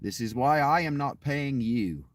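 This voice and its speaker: A man's voice: medium pitch, animated, measured pace. A man chatting casually with his viewers in a boastful, crude, rambling way. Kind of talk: casual live chat with viewers.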